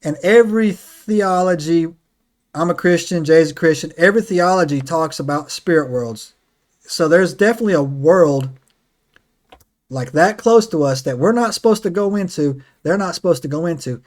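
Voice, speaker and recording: Excitable man telling stories on a podcast. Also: fairly high pitch, moderate pace. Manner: excitable storyteller, lots of "right?" and "man". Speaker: podcast host. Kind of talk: casual podcast chat.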